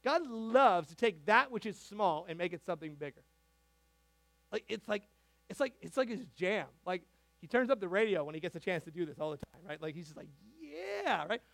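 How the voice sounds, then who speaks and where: A man preaching a sermon as a pastor, animated and conversational, with frequent asides and restarts. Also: high-pitched, fairly quick, no room sound. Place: church sanctuary.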